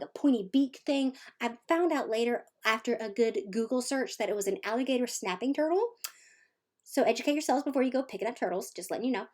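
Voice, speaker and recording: A woman vlogger telling a personal story in a casual, animated and playful way, acting out the voices in it. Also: on the high side. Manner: animated, playful, acts out quotes.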